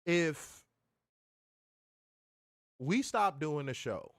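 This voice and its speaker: Animated, ranting man with a lively voice. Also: a little high, extremely slow, dry recording, studio quality. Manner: animated, profane, repeats words when heated. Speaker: wrestling review show co-host. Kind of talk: casual podcast rant.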